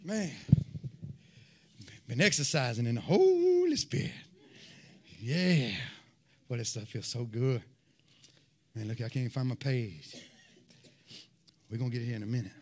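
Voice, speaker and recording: A man giving a fervent sermon and personal testimony, telling his story in an animated way and peppering it with "man.". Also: medium pitch, unhurried, pauses often. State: sweating, winded after worship. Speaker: lay preacher giving testimony.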